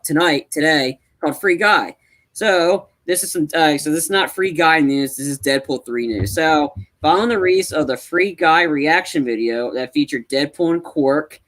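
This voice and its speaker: Male podcast co-host, casual chat, rambling, excitable, restarts a lot, slightly high voice.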